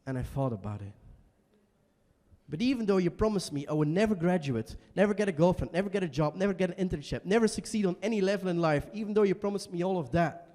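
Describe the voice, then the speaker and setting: A young man performing an emotional solo stage monologue in a small basement venue, swinging between quiet and shouting. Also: high voice, lively intonation, quick pace, long reverb tail. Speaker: stand-up performer.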